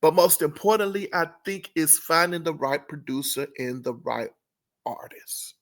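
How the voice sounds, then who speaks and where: This entertainment commentary host speaks at a moderate pace with a fairly high pitch. Casual and chatty, he scatters fillers and self-corrections throughout and regularly dissolves into amused laughter.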